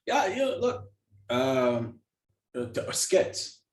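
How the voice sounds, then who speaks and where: A man's voice: medium pitch, big pitch swings, extremely slow. A man co-hosting a podcast, chatting casually and profanely, rambling through comic stories over a Zoom call. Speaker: podcast co-host. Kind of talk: casual comedic chat. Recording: echoey room, distant from mic, faint noise.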